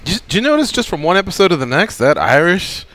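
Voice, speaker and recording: A man's voice: high voice, big pitch swings, fast talker, a bit bright, slight background noise. A man hosting a radio show, interviewing a guest in a joking, conversational way. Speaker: radio host. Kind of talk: casual radio show chat. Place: radio studio.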